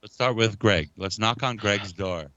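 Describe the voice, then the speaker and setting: A man hosts a relaxed podcast chat, talking in long, rambling runs that get animated. His voice sits a little low but sounds bright and forward. The sound is close and dry, with a slightly dull, muffled edge. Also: a little slow, no room sound. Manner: rambling, animated, yells to family off-mic. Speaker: podcast host. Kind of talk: casual chat.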